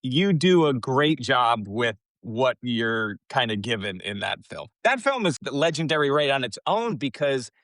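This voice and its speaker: A man's voice: medium pitch, sing-song, a little slow, few pauses, a bit bright, dry recording, studio quality. A man hosting a casual interview, asking enthusiastic questions with easy laughter. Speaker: podcast host.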